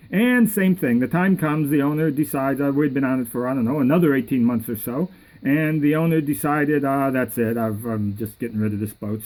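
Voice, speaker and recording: A middle-aged man with a fairly high voice tells a story in a loose, rambling monologue. He circles back and repeats phrases, and he lifts his voice when he quotes other people. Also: darkish tone, rough recording. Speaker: yacht captain.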